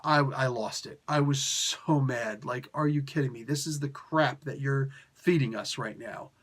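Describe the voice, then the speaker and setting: Guy ranting about comics, sarcastic and fed up, mid-pitch voice. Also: a little slow, fairly bright tone, slightly rough. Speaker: comic book reviewer. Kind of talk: casual spoken review.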